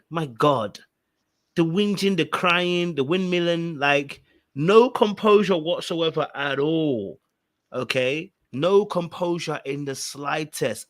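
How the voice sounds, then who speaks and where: A man, co-hosting a podcast and giving animated, emphatic reality-TV commentary, repeating phrases for effect. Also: on the high side, slow pace, dry recording. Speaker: podcast co-host.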